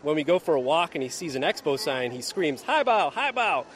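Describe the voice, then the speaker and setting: A man's voice: a little high, brisk, a little hiss or hum. Man reporting from a busy outdoor expo. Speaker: reporter, bureau chief. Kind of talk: on-location radio report.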